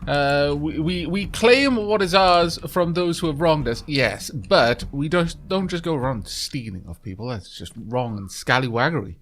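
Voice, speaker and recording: Chatty man with lively pitch. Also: normal speed, few pauses. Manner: chatty, many ums and uhs, reads game text aloud. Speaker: let's play host. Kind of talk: casual gameplay commentary reading dialogue aloud.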